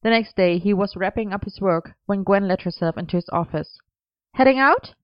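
Smooth-voiced woman narrating a story. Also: mid-range voice, steady tone, brisk, dry recording. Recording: dull lo-fi dry recording.

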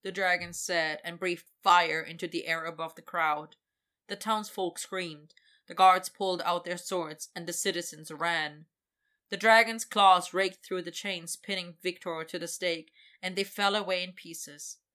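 Female storyteller, bright tone, expressive read-aloud delivery. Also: lowish voice, a little slow. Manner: expressive, voices characters. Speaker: narrator. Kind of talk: reading a fantasy story aloud.

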